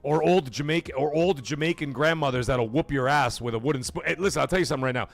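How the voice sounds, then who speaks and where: A man with a creaky voice rants at a quick pace while hosting a gaming livestream, faint music behind him. His speech is casual and animated, with large pitch jumps, loud bursts and free swearing.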